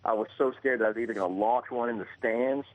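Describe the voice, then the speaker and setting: A man in his thirties from Alabama, a guest calling in by phone, telling stories in polite, quick bursts and laughing easily. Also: mid-range voice. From Birmingham, Alabama. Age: 30s. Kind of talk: casual chat. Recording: dry, muffled phone line.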